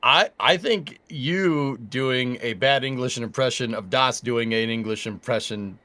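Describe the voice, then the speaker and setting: A man's voice: medium pitch, a little slow, bright, forceful tone. A man co-hosting a livestream in casual conversation. He explains things in a loose, rambling, easygoing way. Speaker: livestream co-host.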